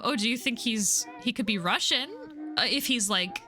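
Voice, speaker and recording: A woman's voice: a little high, normal speed, bright, forceful tone, faint music behind. A woman streaming a video game, chatting and joking with frequent swearing. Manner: chatty, joking, curse-laden. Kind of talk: casual let's-play commentary.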